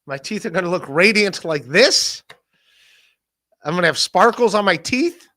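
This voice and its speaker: A man hosting a podcast, rambling in a casual solo rant, swearing, laughing often and mock-shouting the people he quotes. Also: high-pitched, lively intonation, moderate pace. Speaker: podcast host.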